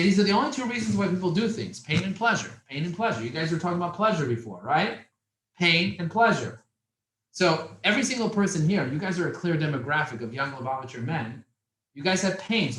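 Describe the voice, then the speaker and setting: A man's voice: fairly high pitch, reverberant, rough recording. A man teaching a business class to a room of young men, telling stories and asking them questions. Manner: animated storyteller, asks the room questions. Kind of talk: lively classroom talk. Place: classroom with audience.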